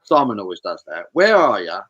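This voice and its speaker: A man co-hosting a casual chat, lively and animated. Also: on the low side, a little fast, breathy edge, no echo, muffled recording.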